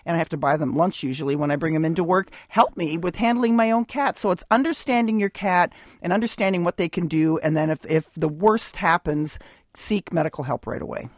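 A woman's voice: fairly low pitch, brisk, dry recording, clean studio sound. A woman veterinarian giving advice on a call-in radio show, explaining patiently with frequent ums and restarts. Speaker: veterinarian guest. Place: radio studio.

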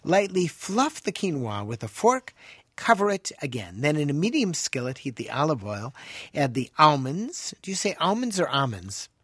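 Man, radio family-doctor host, chatty, lively up-and-down delivery, dry studio mic. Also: on the high side, normal speed, husky, no room sound. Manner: chatty, digressive, lively asides, laughs easily. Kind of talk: conversational radio talk.

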